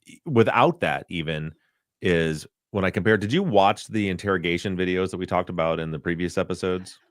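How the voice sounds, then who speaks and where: A man's voice: low-pitched, a little fast, no room sound, studio quality. A man co-hosting a podcast, asking questions earnestly in casual conversation and searching for his words. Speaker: podcast co-host.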